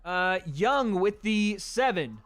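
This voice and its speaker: A man's voice: high-pitched, expressive, slow, a bit bright, no echo. A young man hosting a casual livestream, reading out donations and chatting loosely, laughing often and swearing casually.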